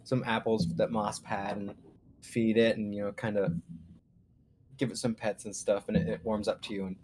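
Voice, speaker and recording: A man narrating as game master of a live tabletop game, in a relaxed, loose way. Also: on the low side, normal speed, slight background noise.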